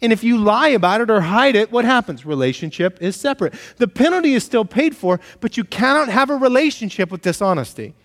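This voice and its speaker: A male pastor preaching a sermon with animated storytelling, sometimes acting out shouted back-and-forth exchanges. His voice sits a bit high. It rings out with a long reverb tail, as if he is in a large room. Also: fairly quick, few pauses.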